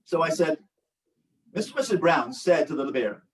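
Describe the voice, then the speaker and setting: An older rabbi and relationship coach with a high voice teaches an online support group over a video call, telling animated stories and acting out the voices of people in his anecdotes. He speaks at normal speed with frequent pauses. The mic sits a little away from him, and the recording is rough.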